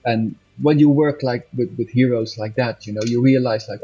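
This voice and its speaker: A man's voice: medium pitch, normal speed, few pauses, warm tone, husky. A man talking casually in an interview as a musician guest, rambling and correcting himself, laughing often. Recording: dull lo-fi audio with faint music.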